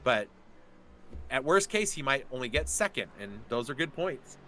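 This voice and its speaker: A man giving chatty, excitable live commentary on a sim race. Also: medium pitch, slight background noise. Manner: chatty, excitable, quick to laugh.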